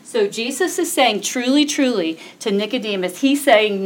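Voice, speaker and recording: Woman preaching, high voice, very lively pitch, rhetorical questions. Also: moderate pace, hardly any pauses. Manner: expressive, rhetorical questions, reads scripture aloud. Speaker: Bible teacher. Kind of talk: sermon, Bible teaching.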